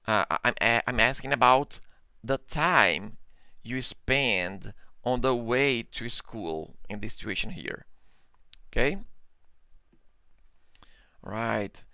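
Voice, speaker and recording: A man's voice: mid-range voice, gravelly, sharp tone, smooth, no room sound. A man with a Brazilian Portuguese accent teaching a live online English lesson, patiently repeating examples and checking in with "okay?".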